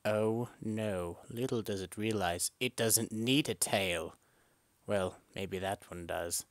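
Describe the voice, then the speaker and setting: A man giving a joking, deadpan voice-over about silly animals. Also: fairly low pitch, takes it slowly, no echo. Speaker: video narrator. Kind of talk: comedic voice-over commentary.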